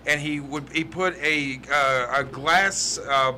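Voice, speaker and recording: A man hosts a casual comedy show and tells a story loosely, stopping often for fillers. His voice is very bright and fairly high. Faint noise sits under the recording. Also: takes it slowly. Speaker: show host. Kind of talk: casual chat.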